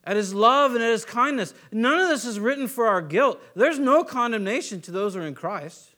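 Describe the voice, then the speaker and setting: A man preaching a sermon, animated, acting out quick voices of biblical figures and swinging between soft and emphatic delivery. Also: very high-pitched. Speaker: pastor.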